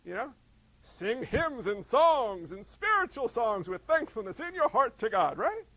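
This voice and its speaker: High-voiced, animated male preacher. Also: measured pace, no room sound, low-quality recording. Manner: animated, acts out voices and rhetorical questions to the congregation. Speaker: pastor. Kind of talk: sermon.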